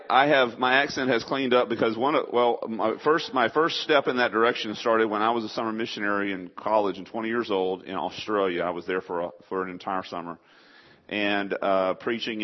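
A man with a faint East Texas Southern accent delivers a sermon in a somewhat low voice. He is folksy and conversational and keeps turning questions to the congregation. The recording sounds dull and lo-fi. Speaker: preacher.

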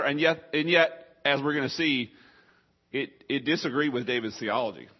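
A man preaching to a congregation in a husky, mid-pitched voice. He keeps talking through a nagging cough that chokes him up. The recording sounds muffled and lo-fi. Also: moderate pace. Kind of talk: sermon.

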